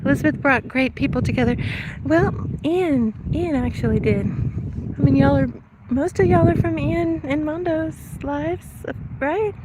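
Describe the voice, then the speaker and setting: A woman's voice: high voice, measured pace, heavy background noise. A middle-aged woman chatting casually on a live stream while walking outdoors, a little out of breath, laughing often and thanking viewers by name. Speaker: livestreamer reading chat.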